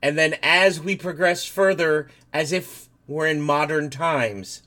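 A man co-hosting a podcast in casual comedic chat, loud and profane, who laughs often. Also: fairly high pitch, takes it slowly. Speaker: podcast co-host.

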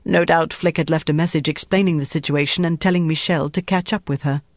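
Man, audiobook narration, slightly high voice, dry close sound, measured pace. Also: dry recording. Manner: measured, even storytelling delivery. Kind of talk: scripted narration.

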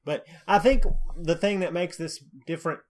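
A woman's voice: on the low side, normal speed, a little mellow. A woman co-hosting a podcast in casual chat, laid-back and adding details in short remarks. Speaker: podcast co-host.

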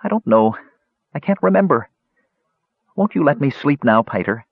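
A man's voice: a little high, expressive, moderate pace, slightly rough, no echo, narrow, tinny audio, voice pushed up. A man voicing a confused, sleepy young male squirrel who talks in a plaintive, drowsy way.

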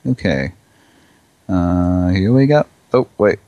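Deep-voiced crude joking man. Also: lively intonation, slow pace, mellow, dry recording, muffled recording. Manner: crude, jokey, laughs often. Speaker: prank call show host. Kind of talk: loose live banter.

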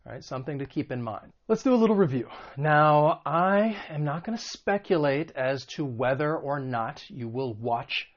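Male vocab teacher, friendly and explanatory, slightly higher voice, muffled recording. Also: lively intonation, moderate pace, hardly any pauses. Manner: friendly, explanatory, asks the viewer questions. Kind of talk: video lesson.

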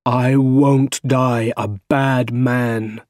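A tormented middle-aged scientist, as a male reader puts him on, each word dragged out slow and heavy. The voice sits at an ordinary pitch. It is recorded close and dry, with no room sound at all. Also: darkish tone, dry recording. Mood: grave. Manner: slow, heavy, deliberate delivery.

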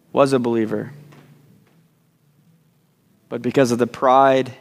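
A man's voice: medium pitch, level tone, a little slow, creaky, pauses often, big-room sound. A man preaching a sermon, repeating words as he starts sentences and slipping in joking asides. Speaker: pastor. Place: church sanctuary.

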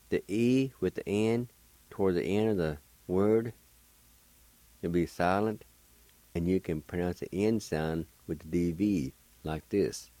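Slow, deep-voiced male language teacher. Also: warm tone, no echo. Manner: patient, spells words out letter by letter. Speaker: language teacher and radio host. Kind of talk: slow spelling and pronunciation lesson. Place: radio studio.

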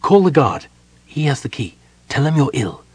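A man's voice: on the high side, big pitch swings, normal speed, a little mellow, breathy edge, dry recording, pitched above the performer's own voice, full character voice. A man playing an urgent, trembling young soldier. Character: anxious young male soldier, devoted.

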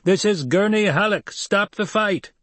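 A man doing a raspy, bellowing veteran warrior. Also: fairly high pitch, expressive, normal speed, dry recording, pitched above the performer's own voice. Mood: urgent. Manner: loud, bellowing. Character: gruff middle-aged male veteran warrior.

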